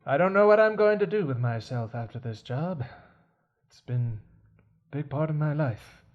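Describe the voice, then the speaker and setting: A man voicing a weary old male butler, gloomy and devoted, in halting, quiet improvised movie-dub comedy. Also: a little high, lively intonation, lo-fi sound, pitched below the performer's own voice, natural voice.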